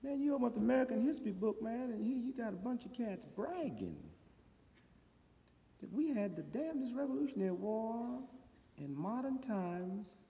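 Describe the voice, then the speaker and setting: A man's voice: extremely high pitch, expressive, normal speed, creaky. A man doing a streetwise, sardonic stand-up routine that swells into emphatic outbursts, on an old live recording. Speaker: stand-up comedian. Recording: old live recording in a reverberant hall, dull sound.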